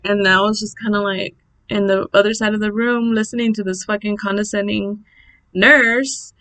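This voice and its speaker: Blunt, bright-voiced young woman telling a story. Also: mid-range voice, normal speed, smooth, poor audio. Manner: blunt, swears freely, animated retelling. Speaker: vlogger telling a birth story. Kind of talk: casual storytime monologue.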